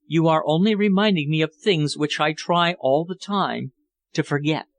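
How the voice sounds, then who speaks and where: A man voicing a distressed young married woman, raising his voice high as she pleads. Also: moderate pace, close to an everyday voice. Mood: pleading, distressed. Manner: pleading, raised and breaking voice.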